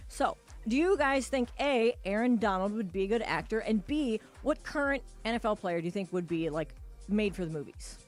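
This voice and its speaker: A woman's voice: medium pitch, expressive, moderate pace, soft background music. An upbeat woman on a sports radio show who poses questions to the group. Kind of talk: casual studio banter.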